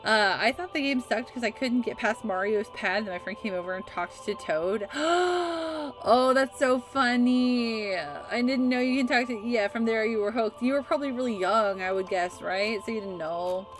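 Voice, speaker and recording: A woman's voice: fairly high pitch, normal speed. Bubbly chatty woman streamer. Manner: bubbly and chatty, laughs often. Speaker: livestreamer. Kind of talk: casual gaming livestream chat. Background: game music.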